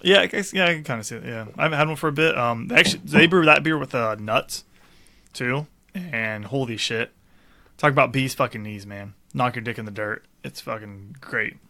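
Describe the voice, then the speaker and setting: A man's voice: mid-range voice, brisk, bright, forceful tone. A young man co-hosting a podcast, chatting casually over beers, rambling and profane with frequent laughs. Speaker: podcast co-host.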